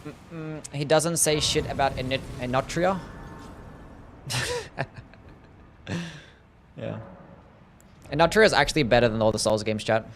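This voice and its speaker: A man's voice: mid-range voice, lively intonation, measured pace, pauses often, a bit bright, a little hiss or hum. Joking Australian streamer guy. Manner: joking, swears freely, teases his chat. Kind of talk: casual gaming livestream chat.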